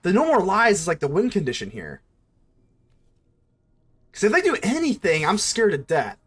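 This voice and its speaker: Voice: medium pitch, wildly swooping pitch, normal speed, breathy edge. A card game streamer thinking aloud through a match, fretting and scolding themselves over mistakes in casual commentary.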